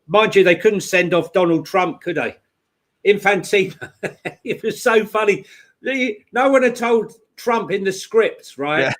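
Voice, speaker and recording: A man's voice: sits high, a little slow. A man co-hosting a casual live football chat stream, full of jokes and banter. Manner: joking, banter-filled. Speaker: co-host.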